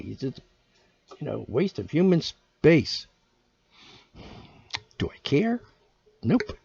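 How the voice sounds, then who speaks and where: A man's voice: medium pitch, gravelly, darkish tone, husky, no room sound. A man hosting his own podcast, ranting in a profane, exasperated way. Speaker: podcast host. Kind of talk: casual solo rant. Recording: dull lo-fi dry recording.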